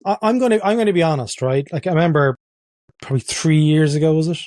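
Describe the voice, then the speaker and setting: A man's voice: on the high side, animated, quick pace, a little mellow, no echo. Chatty male podcast host, dry sound. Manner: chatty, self-deprecating, loves putting on accents. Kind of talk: casual interview chat.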